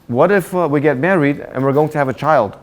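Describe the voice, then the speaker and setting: A man's voice: fairly high pitch, a little fast, close to an everyday voice. A man voicing a clever woman who sweet-talks a burglar, in a storytelling sermon. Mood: coaxing. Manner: sweet-talking, coaxing.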